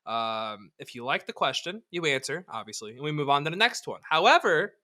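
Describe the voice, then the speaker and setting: A man's voice: fairly high pitch, very animated, brisk, sharp tone. A man hosting a podcast, joking and swearing casually as he runs the interview. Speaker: podcast host.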